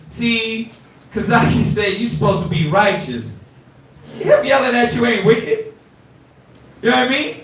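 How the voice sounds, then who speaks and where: A man teaching an informal scripture class, animated and streetwise, quizzing his students, recorded from afar in an echoey room. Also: very high voice, a little slow, pauses often, recorded from a distance.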